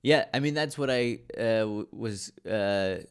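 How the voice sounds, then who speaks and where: Man, podcast host, casual interview, rambling questions, smooth resonant voice, lowish pitch. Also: measured pace. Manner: rambling questions, many fillers and backchannels.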